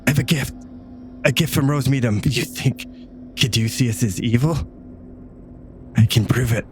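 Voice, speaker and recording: A man's voice: medium pitch, moderate pace, a little hiss or hum, natural voice. A man voicing a cowering male serpent person who pleads and stammers for his life. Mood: pleading.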